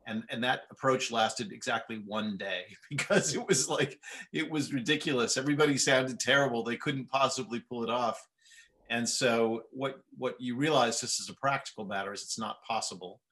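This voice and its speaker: A man who creates historical drama series, explaining his choices in a lively way and laughing easily. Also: medium pitch, normal speed. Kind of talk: interview answers.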